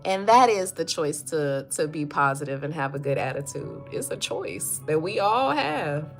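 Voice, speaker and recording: A woman's voice: sits low, lively intonation, moderate pace, hardly any pauses, soft background music. A woman, hosting a casual mental health livestream, chatty and encouraging, greeting viewers and reading their comments aloud. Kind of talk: casual motivational livestream talk.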